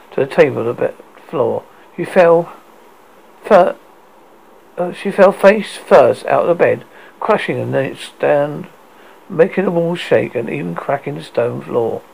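Male storyteller, gravelly, stumbling read. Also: a little high, darkish tone, poor audio. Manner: stumbling, frequent restarts. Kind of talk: reading a story aloud.

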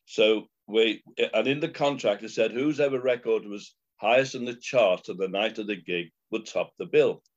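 A man telling a story as a guest, steady and matter-of-fact. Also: lowish voice, normal speed, hardly any pauses. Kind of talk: anecdotal storytelling. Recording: dull lo-fi recording.

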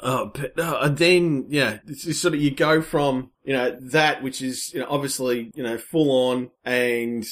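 A man casually retelling a film's plot in a rambling, excitable way, full of fillers and restarts. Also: medium pitch, unhurried, few pauses. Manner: excitable storytelling. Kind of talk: casual film recap chat.

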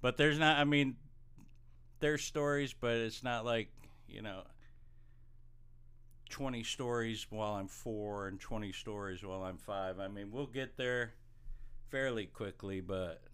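A middle-aged man with a low, smooth voice spins self-deprecating stories and off-color jokes. He slips into other people's voices as he talks, loose and casual. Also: a little slow, fairly bright tone. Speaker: podcast co-host telling life stories. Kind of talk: casual storytelling chat.

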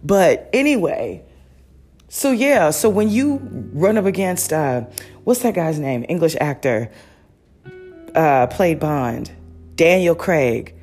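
Low voiced woman rambling on her podcast, lots of ums, soft music under it. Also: big pitch swings, slow, husky. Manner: rambling, chatty, many fillers and restarts. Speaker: podcast host. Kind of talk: casual solo review chat.

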